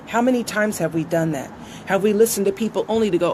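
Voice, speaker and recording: A woman's voice: medium pitch, fast, darkish tone, slight background noise, poor audio. A woman giving an earnest motivational talk on business and listening, acting out the conversations she quotes. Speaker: business coach. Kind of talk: motivational teaching monologue.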